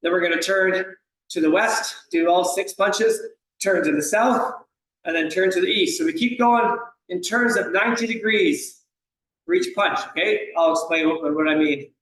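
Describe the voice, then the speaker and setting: A man's voice: sits high, normal speed, fairly bright tone. Upbeat man coaching an exercise class. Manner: upbeat, encouraging, counts out reps. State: slight cough. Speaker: fitness instructor. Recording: echoey room, voice far from the mic.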